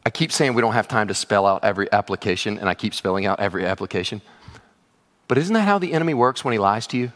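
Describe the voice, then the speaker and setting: A man preaching a sermon, animated, swinging from loud exclamations down to hushed low passages. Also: fast, in a large hall. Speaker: pastor.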